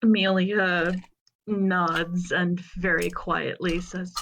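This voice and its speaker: Soft-spoken young woman player, slow, muffled recording. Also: mid-range voice, slight background noise. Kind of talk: casual tabletop play.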